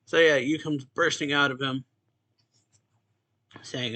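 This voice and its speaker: A man's voice: on the high side, slow, long pauses, pushed and bright. A young man hosting a manga reaction channel, casually recapping a chapter in a loose, chuckling way full of filler words.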